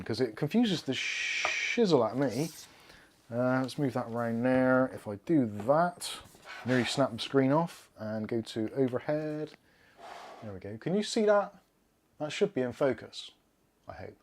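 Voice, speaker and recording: A man with a Bristol accent hosts a casual tech livestream from his desk. He chats loosely with viewers, jokes around and swears without much thought. His voice sits at an ordinary middle pitch. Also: darkish tone, slight background noise. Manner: chatty, joking and swearing freely. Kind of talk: casual live-stream chat. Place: indoors at a desk with laptop and cameras.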